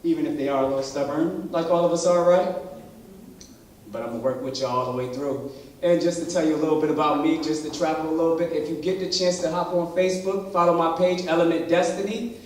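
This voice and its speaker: A middle-aged man with a fairly high voice addresses a community gathering as a dance instructor, chatty and upbeat, leaning into emphatic urging. He sounds distant from the mic in a very echoey hall, with faint noise underneath. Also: fairly even intonation, quick pace. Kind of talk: community presentation. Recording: echoey room, picked up from far off.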